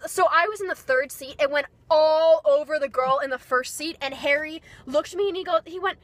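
Excited young woman vlogging, super gushy and breathless, says like a lot, high bright voice. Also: brisk, no echo. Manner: gushing and breathless, lots of "like". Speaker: beauty vlogger. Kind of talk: excited vlog storytelling.

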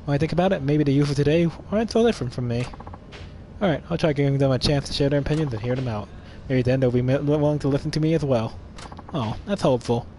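A man's voice: mid-range voice, fast talker, warm tone, a little hiss or hum. A young man streaming a game, reading its dialogue aloud playfully and commenting between lines with laughs.

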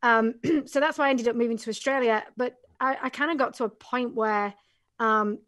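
A chatty middle-aged woman with an English accent talks freely as a podcast guest. Her voice sits fairly high, and the recording is dry and close, with no room sound. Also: steady tone, moderate pace, a bit bright, no room sound. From England. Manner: chatty and talkative. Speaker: guest, business coach. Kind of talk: casual podcast interview.

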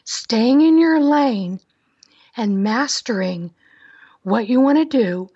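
A middle-aged woman with a raspy, breathy voice, talking in an upbeat, chatty way as an interview guest. Her pitch sits on the high side, and the dry sound comes through a muffled remote line. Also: animated, slow, warm tone, no room sound. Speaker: guest, wedding planner. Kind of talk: casual interview talk.

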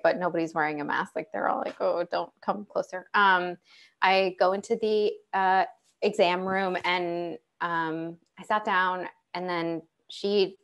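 A woman's voice: on the low side, a bit bright. A young adult woman telling her own story as a panel guest, speaking conversationally with many fillers and restarts. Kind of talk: conversational personal account.

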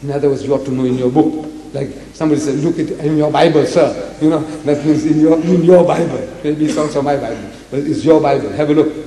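An older man giving an animated public debate lecture, quoting scripture and acting out dialogue. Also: fairly high pitch, quick pace. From South Africa. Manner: emphatic, animated, quotes scripture and acts out dialogue. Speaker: lecturer on religion. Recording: echoey hall, long reverb.

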